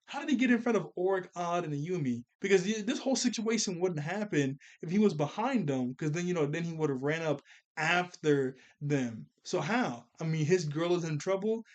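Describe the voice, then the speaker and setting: A young man giving a casual, animated episode review, slangy and laughing often as he recaps. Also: a little high, moderate pace. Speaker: cartoon reviewer.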